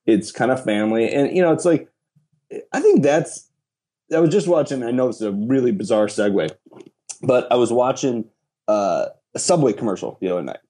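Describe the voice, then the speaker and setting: A man's voice: medium pitch, expressive, normal speed, dark tone. A man chatting casually, rambling and swearing, often laughing as he talks. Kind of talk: casual chat.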